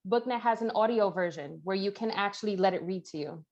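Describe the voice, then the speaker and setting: A woman's voice: medium pitch, brisk, a little mellow. A woman author talking in casual chat on a podcast, chatty and eager, often repeating herself. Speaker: author guest. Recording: dull, lo-fi sound.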